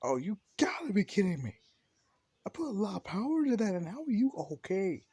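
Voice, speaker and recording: Man yelling as Bakugo, a raging teen boy. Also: sits high, sing-song, a little fast, husky, voice pushed up, exaggerated voice. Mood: outraged. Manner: shouting, cursing. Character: furious teen boy with explosive temper.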